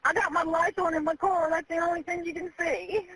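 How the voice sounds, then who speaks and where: A woman's voice: very high voice, fairly even intonation, fairly quick, few pauses, fairly bright tone. A terrified woman, pleading and sobbing on an emergency phone call. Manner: pleading, repeats herself. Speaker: caller. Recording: telephone line with faint noise.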